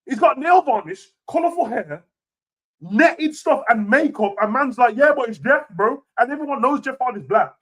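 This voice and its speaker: A young man rants casually about wrestling, full of slang and swearing, swinging between low mutters and loud outbursts. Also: lively intonation, moderate pace. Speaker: wrestling reaction host. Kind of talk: casual rant.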